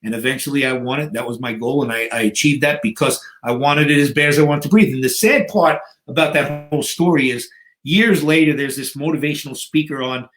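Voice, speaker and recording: A man's voice: mid-range voice, brisk, a bit bright. A man in his fifties, a guest in an interview, telling a story vividly and acting out the scenes. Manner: vivid, dramatic storyteller who acts out scenes. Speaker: guest, bodybuilder and fitness coach. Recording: echoey room.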